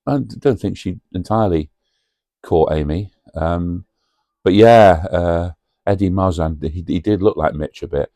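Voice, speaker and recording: A video host with a low, mellow voice and slightly slow pace leads a cosy, pub-style chat about a film. He rambles chattily, full of fillers and asides to the viewer. The recording is dry with clean studio sound.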